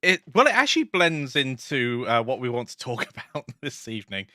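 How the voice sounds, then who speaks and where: A man co-hosts a casual chat about game design, often restarting his sentences and cracking jokes. His voice is bright and forceful. The sound is dry and close. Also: mid-range voice, big pitch swings, a little fast, no room sound. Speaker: co-host.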